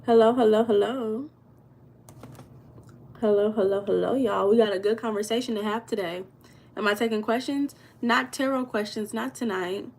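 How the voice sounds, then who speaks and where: A woman's voice: mid-range voice, a little fast, vocal fry. Chatty American woman hosting a live stream. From United States. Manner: chatty, greets viewers by name, answers comments. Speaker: livestream host reading viewer comments. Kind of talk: casual live chat.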